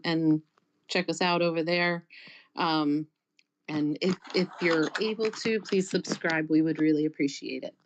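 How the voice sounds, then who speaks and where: A woman's voice: lowish voice, a little hiss or hum, poor audio. A woman on a live audio chat, politely asking listeners for support. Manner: polite, pleading requests. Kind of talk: casual chat.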